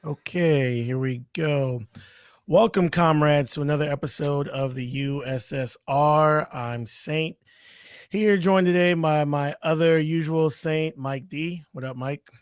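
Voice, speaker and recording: A man's voice: a little high, measured pace, smooth, dry recording, clean studio sound. A man co-hosting a casual review podcast, talking eagerly with lots of fillers and restarts. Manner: hesitant, many fillers and restarts, enthusiastic. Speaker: podcast co-host.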